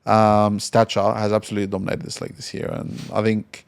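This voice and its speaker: Man, podcast co-host, blunt, argumentative, low voice. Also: completely flat delivery, brisk, vocal fry. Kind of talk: casual football chat.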